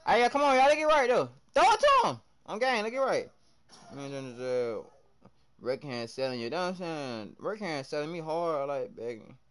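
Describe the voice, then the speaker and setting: Young male streamer, slightly high voice, very lively pitch, excitable, yells at teammates, slangy live gameplay chat. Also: moderate pace.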